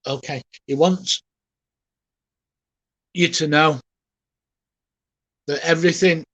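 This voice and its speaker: Guy doing a medium reading, fairly high voice, soft and halting, gets emotional, dry close sound. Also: steady tone, no room sound. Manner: gentle, halting, often emotional; addresses the sitter softly and reassuringly. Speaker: spiritualist medium.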